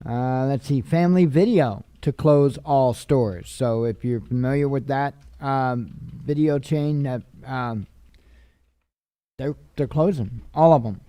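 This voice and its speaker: A man's voice: medium pitch, takes it slowly, warm tone, dry recording. A tired man reading news headlines aloud and adding offhand casual comments. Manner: tired, yawning, offhand asides.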